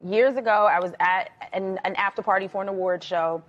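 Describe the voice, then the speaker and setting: A woman's voice: medium pitch, brisk, dull audio. A woman in a mid-range voice tells a personal story as a talk show guest. She acts out what people said and lets her voice rise and fall with the telling. It sounds like a clip played from a show. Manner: expressive storyteller, acts out quotes.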